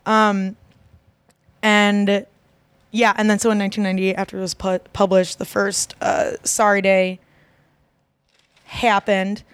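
Chatty woman with a smooth voice. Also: mid-range voice, little pitch movement, measured pace, pauses often, no room sound. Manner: rambling, many fillers and restarts. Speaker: podcast co-host. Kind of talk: casual chat.

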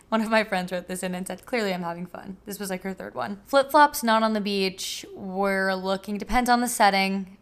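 A young woman hosting a casual solo podcast, handing out quick, wry, deadpan verdicts. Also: medium pitch. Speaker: podcast host. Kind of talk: casual solo podcast, rating listener submissions.

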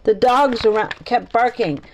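A woman reading a children's chapter book aloud to a child, lively, with small slips and restarts. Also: a little slow, a little hiss or hum, low-quality recording. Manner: lively, pitches up for children's lines.

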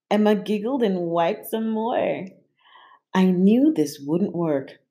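A woman reading a children's picture book aloud in a playful, animated way. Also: mid-range voice, slow. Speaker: storybook reader.

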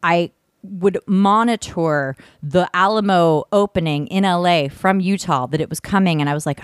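A woman co-hosting a podcast, telling rambling, animated stories in casual chat with lots of fillers. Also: lowish voice, normal speed, clean tone, no room sound, clean studio sound. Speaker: podcast co-host.

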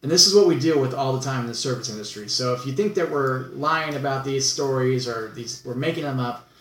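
A man's voice: medium pitch, brisk, a bit bright, distant mic. A man hosting a podcast, chatting casually and prompting his guest to tell his stories. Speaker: podcast host. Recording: echoey room, a bit off-mic.

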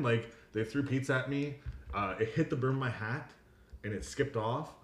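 A man in casual podcast chat, telling stories in an animated way and laughing often. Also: mid-range voice, moderate pace. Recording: echoey room.

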